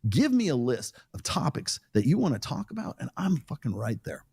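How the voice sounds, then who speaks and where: A man's voice: medium pitch, wildly swooping pitch, moderate pace, gravelly, darkish tone, slightly rough. A middle-aged man talking casually and with opinions, rambling with restarts and short laughs. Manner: rambling, with self-corrections and laughs. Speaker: podcast guest in a played clip.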